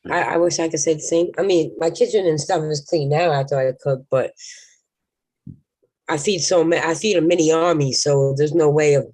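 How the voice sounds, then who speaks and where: A woman's voice: low-pitched, normal speed, warm tone, husky, dry recording. A woman hosting a casual online panel chat, blunt and teasing, swearing freely. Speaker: panel host.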